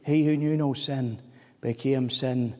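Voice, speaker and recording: A man's voice: medium pitch, fairly even intonation, measured pace, darkish tone. Pleading preacher man in a reverberant hall. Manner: pleading, fervent, repeats phrases for emphasis. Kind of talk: evangelistic sermon.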